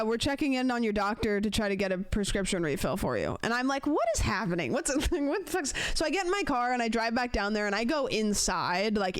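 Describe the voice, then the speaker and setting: A young woman streamer telling a long story to her live chat in a casual, animated way, acting out the lines of the people in it. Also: mid-range voice, clean tone, no room sound. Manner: chatty, animated retelling with acted-out quotes.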